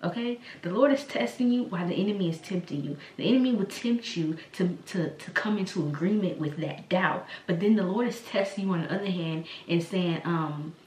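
A woman's voice: fairly low pitch, fairly quick, hardly any pauses, a little mellow, recorded from a distance, a little hiss or hum. A woman hosting a faith podcast, preaching in a rambling, conversational way with many fillers and restarts. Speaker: podcast host. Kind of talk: casual spoken sermon. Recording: echoey room, voice from the mic, faint ambience.

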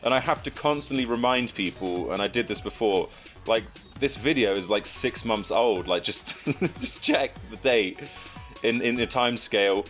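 A young English man chatting and joking through gameplay commentary, breaking into excited shouts, recorded at a home desk mic. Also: on the low side, moderate pace, soft background music. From England. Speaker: gaming YouTuber.

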